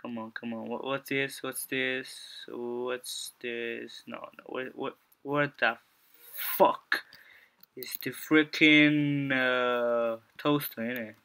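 A man's voice: medium pitch, flat delivery, takes it slowly, bright, forceful tone, clean tone. A young man giving gameplay commentary, muttering to himself, stammering, panicking and swearing as he plays. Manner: jumpy, panicky reactions with frequent swearing and repeated phrases. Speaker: gaming YouTuber.

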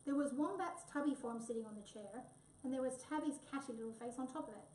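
A woman reading a children's storybook aloud in an expressive, lively way. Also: high-pitched, quick pace. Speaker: reader. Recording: echoey room, voice from far off.

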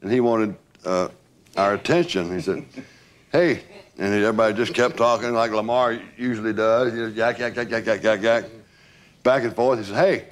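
A man's voice: fairly low pitch, fairly even intonation, normal speed. Older man spinning stories. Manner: rambling, repeats words, laughs while telling. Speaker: former entourage member telling stories. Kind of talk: casual storytelling.

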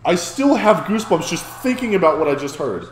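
Excitable man in an echoey room. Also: high voice, fairly quick. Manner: excitable, restarts and stammers when amazed. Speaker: reaction video host. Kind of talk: casual reaction commentary.

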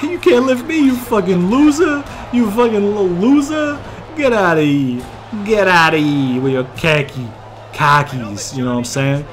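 A man's voice: high-pitched, lively intonation, normal speed, noisy background, voice pushed up. A man putting on a brash, trash-talking Boston meme character, taunting and mocking.

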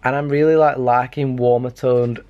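A man's voice: mid-range voice, steady tone, moderate pace, highs cut off. A young man with a slight lisp from a retainer, rambling in a casual bedroom vlog at night. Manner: chatty, rambling, self-mocking. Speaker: vlogger.

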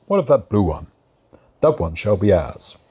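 A performer voicing a stern older male farmer in an amateur verse audio drama, speaking in a gruff, commanding way. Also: sits low, sing-song, moderate pace, warm tone, exaggerated voice.

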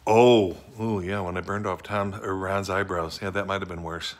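A man's voice: sits low, steady tone, normal speed, lightly acted. A middle-aged man playing a bumbling, sweet office worker in an improvised comic monologue, rambling and fretful as he talks to an unseen wife. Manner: rambling, fretful, easily choked up.

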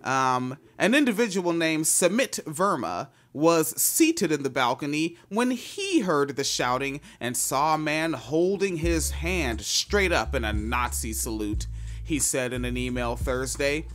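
A man's voice: a little high, expressive, measured pace, fairly bright tone. A man hosting a podcast, reading news items aloud and riffing on them in a loose, profane way. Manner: profane, loose, reads news then riffs. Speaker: podcast host. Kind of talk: casual news commentary.

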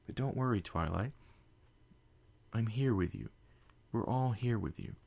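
A man voicing a gentle, motherly female pony in a fan fiction reading, speaking in a soft, cooing, reassuring way. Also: fairly low pitch, expressive, a little slow, vocal fry, slightly rough, pitched above the performer's own voice, full character voice. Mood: soothing.

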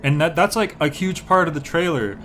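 A man's voice: a little high, animated, brisk, fairly bright tone, a little hiss or hum. Rambling young man streaming a game. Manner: rambling, lots of "like" fillers. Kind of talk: relaxed gameplay stream chat.

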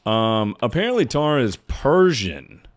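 With a medium-pitched, sing-song voice and a slightly slow delivery, this man rambles and jokes with his livestream audience, swearing a lot in the casual chat.

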